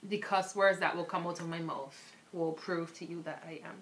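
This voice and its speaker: A woman's voice: fairly low pitch, steady tone, normal speed. A young woman from Barbados, with a Barbadian accent that drifts toward American, frankly telling stories to camera and filling her talk with "um" and "like". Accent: Barbadian, shifting toward American. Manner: frank and candid, with lots of fillers like "um" and "like". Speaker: vlogger. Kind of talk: casual storytelling to camera.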